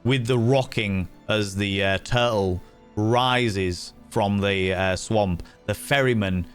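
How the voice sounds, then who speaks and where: A man narrating as game master for a streamed tabletop game, unhurried and dotted with fillers. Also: lowish voice, smooth, faint music behind.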